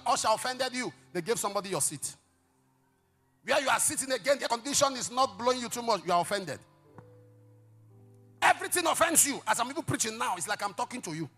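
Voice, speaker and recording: A middle-aged male pastor preaching a sermon, telling stories dramatically with sudden shouts and hushed asides. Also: extremely high pitch, husky. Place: church service.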